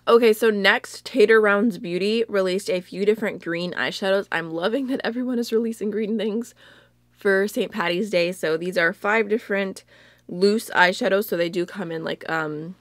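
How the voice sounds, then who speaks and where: A woman's voice: medium pitch, moderate pace, dry recording. A young woman chatting casually as a beauty vlogger, chatty and full of filler words like "like" and "really, really.". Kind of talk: casual chat.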